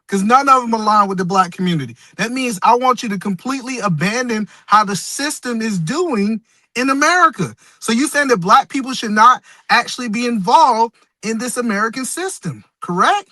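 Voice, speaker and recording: A man co-hosting a morning talk show, loud and insistent in a heated debate, talking over the other speaker. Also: very high voice, expressive, moderate pace, no room sound.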